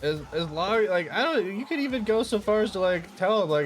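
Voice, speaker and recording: Laid-back man, mid-pitched, swearing casually. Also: animated, brisk, hardly any pauses. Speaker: streamer host. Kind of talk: casual chat. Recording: faint music behind.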